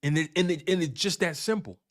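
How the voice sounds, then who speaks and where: A man's voice: a little high, brisk. A man hosting a fan sports talk stream, hyped and repetitive, trash-talking the rival team. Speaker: sports show host. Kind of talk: animated sports talk livestream.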